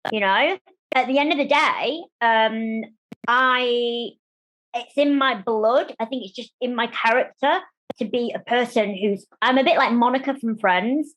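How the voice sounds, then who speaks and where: Fairly high in pitch and a little slow, a woman from Germany appears as an interview-show guest. She campaigns for disability rights and shares her life story openly and with animation, chatting away and performing quoted voices.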